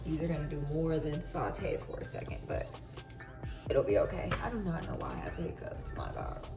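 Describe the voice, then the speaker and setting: A woman's voice: low voice, big pitch swings, a little fast, vocal fry. A woman talking viewers through a recipe in her home kitchen, casual and chatty. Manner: chatty, informal, addresses viewers directly. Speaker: cooking vlogger. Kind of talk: casual cooking tutorial. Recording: music playing in background.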